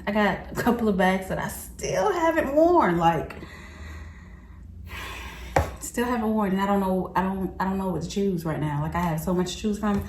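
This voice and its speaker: A young woman vlogger telling a story to her viewers in a slangy, animated, chatty way, often laughing. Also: medium pitch, normal speed, reverberant, slight background noise. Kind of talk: casual storytelling to camera.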